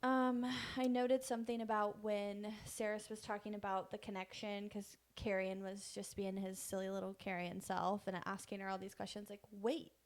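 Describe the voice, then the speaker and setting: A woman's voice: medium pitch, little pitch movement, moderate pace, few pauses. A woman co-hosting a podcast, casually talking through a book and steering the chat to the next topic. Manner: easygoing, steers the topics, laughs lightly. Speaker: podcast co-host.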